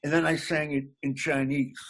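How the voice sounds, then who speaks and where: This Massachusetts man, a comedian being interviewed, talks casually and cracks himself up with his own gags. He speaks at a moderate pace in a level tone, his voice a little high.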